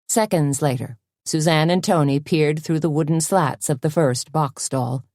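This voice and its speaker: A woman narrating a mystery audiobook in an even, measured way. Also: low voice, no echo, clean studio sound. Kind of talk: scripted narration.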